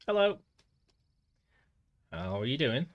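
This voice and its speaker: A Manchester man with a lowish voice chats with his viewers at normal speed while streaming a game, calling them "mate" again and again. The recording has its highs cut off.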